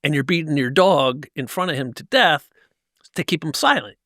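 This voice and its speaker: This New Jersey man, a motivational speaker, is a guest on a podcast recorded in a tent set, and he relates a personal story with intense emphasis, often starting over. He sounds a little high, animated, and fairly bright at a moderate pace. The recording is dry and of studio quality.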